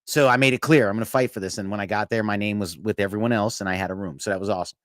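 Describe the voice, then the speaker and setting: A man hosting a podcast, a former corpsman, telling service stories in an animated way, laughing and acting out quotes. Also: fairly low pitch, rapid-fire, no echo. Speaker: podcast host, former Navy corpsman with Marines. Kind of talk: casual storytelling chat.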